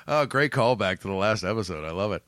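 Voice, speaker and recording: A man hosting a podcast in casual comedic chat, with a gravelly voice, joking and laughing often. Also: fairly low pitch, expressive, moderate pace, a bit bright, no room sound, studio quality. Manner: jokey, laughs often, exclamations. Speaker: podcast host.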